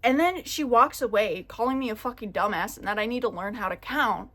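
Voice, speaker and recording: Young woman, bright clear voice, a bit high, casual profane storytime rant. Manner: profane, exasperated, quick to vent. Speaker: vlogger telling a story.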